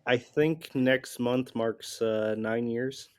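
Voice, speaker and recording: A man's voice: medium pitch, takes it slowly, smooth. A young man, a scuba instructor and interview guest, giving brief replies. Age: young adult.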